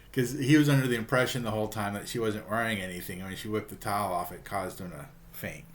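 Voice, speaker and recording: A man's voice: on the low side, moderate pace. A man reviewing a book, casually retelling a comic story in a rambling way, with fillers and chuckles.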